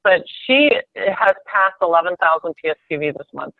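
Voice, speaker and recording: A woman's voice: on the low side, expressive, moderate pace, vocal fry, no room sound. A woman leading a team conference call, telling a story in a chatty way, with many restarts and fillers. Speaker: sales team leader. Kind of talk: conference call pep talk. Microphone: phone. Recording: tinny dry phone line.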